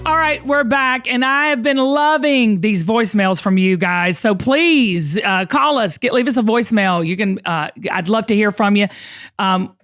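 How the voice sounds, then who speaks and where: A woman's voice: a little high, moderate pace, a bit bright, soft background music. A woman hosting a podcast, talking in an earnest, encouraging way and repeating words as she gets going. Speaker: podcast host. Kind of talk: casual podcast chat.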